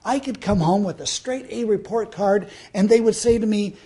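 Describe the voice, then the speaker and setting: A man's voice: high voice, moderate pace, mellow. A man in his fifties from Southern California, giving a motivational self-help talk and telling a personal story, with rhetorical questions to the listener. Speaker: motivational speaker.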